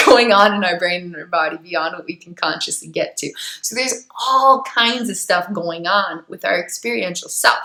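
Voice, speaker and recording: Bright-voiced woman explaining casually. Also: medium pitch, reverberant. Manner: chatty, with frequent "like", "right?" and "okay?"; laughs while explaining. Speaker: self-help psychology educator. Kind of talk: casual explanatory talk to camera.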